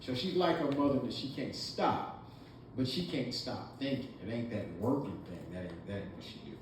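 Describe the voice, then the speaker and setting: A man's voice: mid-range voice, big pitch swings. Man, hesitant family speech, distant mic, echoey hall. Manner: halting, full of "uh" fillers. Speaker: son giving a birthday tribute. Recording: echoey room, mic far off, noisy.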